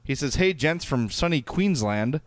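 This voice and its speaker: Chicago guy cohosting a podcast, reads out emails, lots of uhs, smooth clear voice. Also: a little high, lively intonation, moderate pace, dry recording, clean studio sound. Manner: reads listener emails aloud, hedging with fillers. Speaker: podcast co-host. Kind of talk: casual podcast chat.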